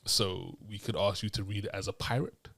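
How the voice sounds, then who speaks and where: A man hosting a film review podcast in relaxed, rambling casual chat. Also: on the low side, normal speed, creaky, slightly rough. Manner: relaxed, rambling, many restarts. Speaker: podcast host.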